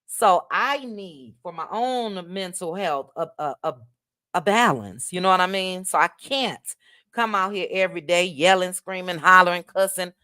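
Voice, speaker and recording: A woman's voice: on the low side, moderate pace, sharp tone, no echo, clean studio sound. A woman with a Midwestern accent hosting a casual livestream, chatting, reading viewer comments and thanking them by name, with frequent "child" asides. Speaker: livestream host.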